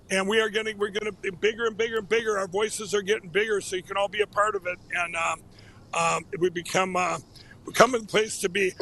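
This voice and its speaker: A man's voice: sits high, pushed and bright. A man chatting casually as a show regular, rambling and jovial with many fillers. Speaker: show founder calling in. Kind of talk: casual chat.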